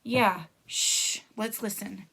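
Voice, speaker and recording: A woman voicing a loud, excitable schoolboy. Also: medium pitch, slow, gravelly, husky, full character voice. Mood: excited.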